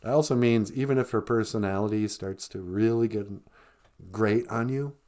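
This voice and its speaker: A man's voice: on the low side, moderate pace, darkish tone. A man hosting a casual live stream, joking and teasing in a playful way.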